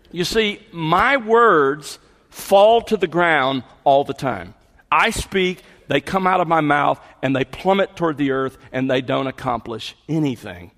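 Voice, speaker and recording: A man's voice: on the high side, a bit bright. A middle-aged man preaching a sermon, explaining scripture and building to emphatic peaks. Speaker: pastor. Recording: long hall reverb.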